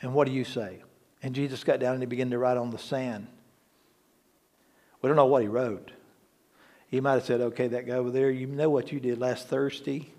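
A man's voice: mid-range voice, fairly even intonation, a little fast, long pauses, darkish tone. A man, lead pastor of a church, preaching an emphatic, conversational sermon that repeats key words for stress and adds humorous asides.

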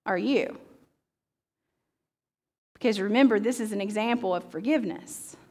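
A woman's voice: medium pitch, quick pace, darkish tone. A woman teaching pastor giving a sermon, reading scripture dramatically and asking the audience questions.

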